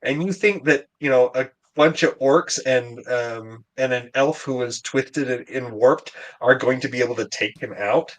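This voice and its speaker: A man co-hosting a casual review podcast, arguing his points emphatically with halting restarts. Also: mid-range voice, low-quality recording. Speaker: podcast co-host.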